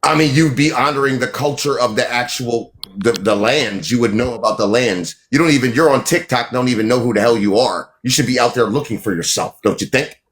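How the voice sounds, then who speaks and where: A man's voice: mid-range voice, brisk, few pauses, a bit bright. A man hosting a live stream, talking down to callers in a combative, lecturing way and repeating his points. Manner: dismissive, lecturing, repeats himself. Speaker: livestream host.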